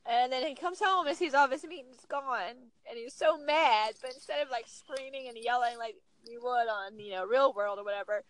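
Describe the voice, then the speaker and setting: Chatty animated woman podcast guest. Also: fairly high pitch, moderate pace, few pauses, dry recording, low-quality recording. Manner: animated storyteller, acts out quotes. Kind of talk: casual chat.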